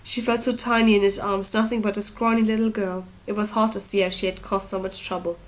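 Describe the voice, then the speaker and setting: A woman reads a novel aloud as an audiobook narrator. Her telling is steady and even, with a voice of middle pitch. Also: fairly quick, low-quality recording. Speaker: audiobook reader.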